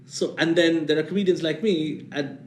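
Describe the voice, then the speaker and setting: A man's voice: fairly high pitch, normal speed, echoey room, slight background noise. Self-mocking man with a posh Indian English accent. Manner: rambling, self-mocking, lots of fillers. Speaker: comedian guest. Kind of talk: casual interview chat.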